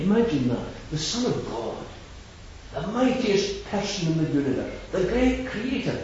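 A man's voice: fairly high pitch, sing-song, moderate pace, a little mellow, slight background noise. A man preaching an evangelistic sermon, rising and falling with emphasis and repeating scripture. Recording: echoey hall from far off, dull lo-fi.

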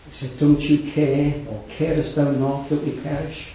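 A man preaches an earnest sermon in a fairly high voice, rising to loud, raised passages and dropping to hushed ones. He quotes scripture in old wording. The recording is distant, dull and lo-fi, with heavy echo from the hall. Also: level tone, moderate pace, a little hiss or hum. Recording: echoey hall, distant mic, dull lo-fi sound.

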